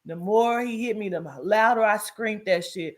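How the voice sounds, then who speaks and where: A woman at mid pitch tells her own story in a loose, casual way. She curses bluntly, talks straight to her listeners, and acts out what others said with lively changes in her voice. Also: moderate pace. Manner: profane, blunt and animated, acts out quoted speech; addresses listeners directly as "child" and "girl".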